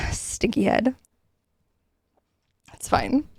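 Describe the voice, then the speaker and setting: A young woman streaming from home, chatting casually with her chat, giggly, swearing often and animated. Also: high-pitched, very slow, creaky, no room sound. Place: home room.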